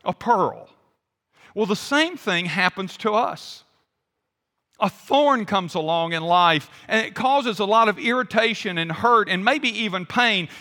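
A man's voice: high-pitched, expressive, measured pace, pushed and bright. A man pastor preaching a conversational sermon, quizzing the congregation. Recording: long hall reverb.

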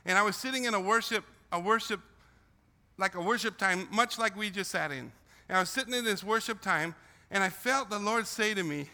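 A man's voice: high voice, brisk, sharp tone. An older man who grew up in the Philippines tells students about his missionary calling, speaking emotionally and often repeating and restarting his phrases. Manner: emotional, repetitive storytelling with restarts. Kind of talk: testimony talk to students. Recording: long hall reverb.

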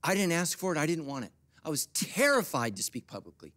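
A middle-aged man preaching a sermon as pastor, swinging from quiet, confiding asides to loud, high-pitched bursts. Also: sing-song, a little fast, hardly any pauses, no echo.

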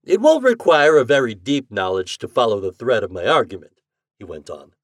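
A man's voice: mid-range voice, huge pitch swings, no echo, clean studio sound. A man voicing an eccentric mad-genius scientist. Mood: lecturing. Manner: emphatic, lecturing, drawn-out slow stresses. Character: eccentric male scientist, cheerful self-declared mad genius. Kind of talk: audiobook character reading.

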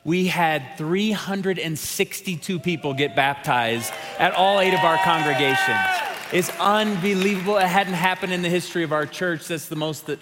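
Man, pastor, sermon, lively storytelling, fairly high voice, long church reverb. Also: moderate pace, loud music behind the voice. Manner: lively, animated storytelling with quoted characters. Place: large church sanctuary.

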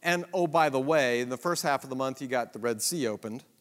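A man's voice: medium pitch, brisk, fairly bright tone. Man, Bible survey lesson, rhetorical questions, asides, echoey hall. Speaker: Bible teacher.

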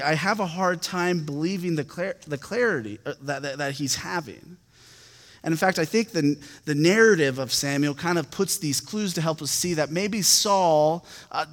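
A man's voice: fairly high pitch, a bit bright. A young adult man preaching a sermon, reading scripture aloud and then retelling it in a loose, conversational way with casual asides. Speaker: pastor. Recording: long reverb from a large hall.

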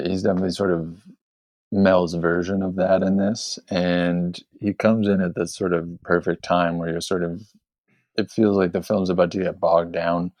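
Deep gravelly man talking film. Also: a little mellow, no room sound. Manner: rambling, hesitant, many fillers. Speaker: podcast host. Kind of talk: casual film discussion.

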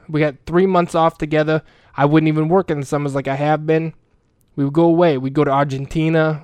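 A man's voice: fairly high pitch, smooth, no echo, clean studio sound, natural voice. A man playing a profane lovesick old janitor. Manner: rambling, profane, earnest. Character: crude lovesick older male school janitor. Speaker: comedic character monologue. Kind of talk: comic in-character monologue.

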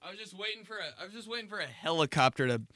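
A man's voice: high-pitched, lively intonation, racing, sharp tone, dry recording, studio quality. Crude, rambling comic male podcaster. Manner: crude, rambling, jokey storytelling. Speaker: podcast host. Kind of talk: casual comic monologue.

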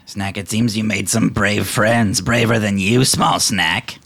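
A man's voice: fairly low pitch, fairly even intonation, measured pace, vocal fry, fairly bright tone, breathy edge, voice pushed up, full character voice. A man voicing a sneering, bullying male kobold who taunts the weaker ones around him. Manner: taunting, mocking.

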